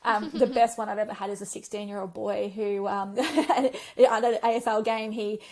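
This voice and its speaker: A woman, a physiotherapist guest on a podcast, telling stories in a chatty, animated way with lots of fillers. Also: medium pitch, normal speed. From Australia. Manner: chatty storyteller, animated retellings, frequent um and like. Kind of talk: conversational podcast interview.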